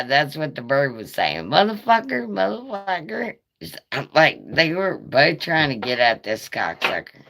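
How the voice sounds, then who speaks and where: A middle-aged woman rambles through a story on a live stream in a remarkably deep, low voice. She takes her time, drawling along slowly. She swears freely and drops laughing asides as she goes. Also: sharp tone.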